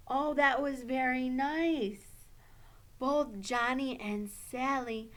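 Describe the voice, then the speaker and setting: A woman teacher running a puppet lesson for young children, gentle and coaching. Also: high-pitched, steady tone, slow pace.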